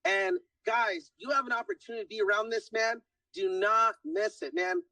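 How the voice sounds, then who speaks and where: A man's voice: very high voice, big pitch swings, moderate pace, vocal fry, sharp tone, no room sound, recorded from a distance, rough recording. A man giving an emphatic motivational testimonial, keeps saying guys and hyping people up. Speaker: testimonial speaker. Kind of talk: motivational pitch.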